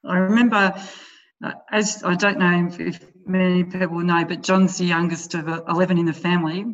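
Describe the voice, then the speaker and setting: A woman's voice: on the low side, level tone, fairly quick. A middle-aged woman with an Australian accent, a guest in a casual chat who laughs often and plays herself down. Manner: laughs often, warm and self-deprecating. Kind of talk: casual conversation. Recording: muffled lo-fi sound.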